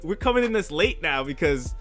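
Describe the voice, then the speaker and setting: A young man co-hosting a podcast in casual chat, animated and swearing freely, often breaking into laughter. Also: fairly high pitch, fairly quick, soft background music. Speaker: podcast co-host.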